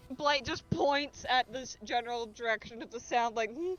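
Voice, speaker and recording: Woman player at a tabletop game, wry, a little higher voice, faint music. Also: normal speed, fairly bright tone, highs cut off. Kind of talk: casual chat at the game table.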